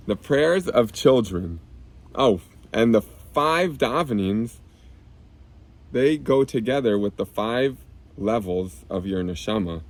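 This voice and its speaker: A man reading a children's book aloud outdoors on a clip-on mic, gently explaining each term simply for kids. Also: lowish voice. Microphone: clip-on lapel mic.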